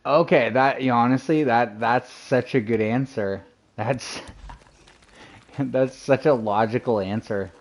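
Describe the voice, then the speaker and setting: A man's voice: medium pitch, takes it slowly. A man casually commenting on his gameplay to a live chat, reacting in the moment and using plenty of fillers. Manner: chatty, reactive, filler-heavy, talks to chat. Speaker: game streamer. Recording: loud game gunfire under voice. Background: game gunfire and ambience.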